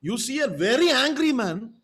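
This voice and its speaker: A man with a high voice preaches a sermon as pastor. He talks emphatically and repeats his points, often stopping to check in with the congregation through rhetorical questions. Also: very animated, normal speed, a bit bright, slightly rough.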